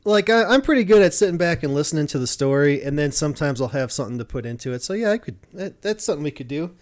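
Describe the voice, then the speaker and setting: A man's voice: fairly high pitch, lively intonation, fast talker. A man co-hosting a casual podcast, talking in a laid-back, hesitant way and filling his sentences with "like.". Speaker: podcast co-host. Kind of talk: casual chat.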